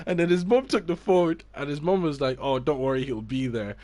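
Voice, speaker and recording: A man's voice: fairly high pitch, a little fast, hardly any pauses, mellow. A man, a youth football coach telling a story in a casual chat with friends and acting out the people he quotes. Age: 20s.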